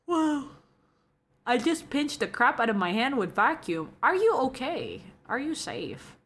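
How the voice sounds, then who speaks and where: A young woman streamer chatting casually with her viewers and reading the chat, giggly and chatty, going from soft to excited. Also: high-pitched, takes it slowly, pauses often.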